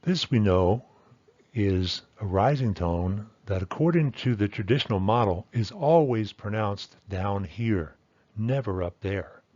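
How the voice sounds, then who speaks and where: A man's voice: lowish voice, a little slow, darkish tone, no room sound, muffled recording. A man teaching a language lesson, explaining step by step and checking in with "right?". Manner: methodical, repeats key points, says "okay" and "right?".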